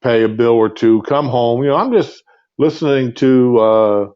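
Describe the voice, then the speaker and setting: A livestream host rants off the cuff, angry and rambling, full of fillers and restarts, his medium-pitched male voice animated, clear, resonant and a little mellow at a moderate pace. It's captured on a phone earbud's built-in mic, so the sound is muffled and lo-fi.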